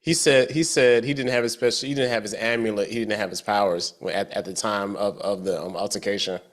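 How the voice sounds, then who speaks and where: A man co-hosting a podcast, chiming in with short agreements and his own take on the episode in relaxed casual chat. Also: on the low side, fairly quick. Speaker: podcast co-host. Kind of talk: casual show recap.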